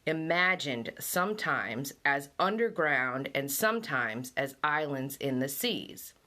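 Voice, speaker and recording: A middle-aged woman from an island hosts a casual vlog in a very deep yet pushed and bright voice, speaking animatedly and slowly with few pauses. She reads out facts, muses aloud and reacts with laughter.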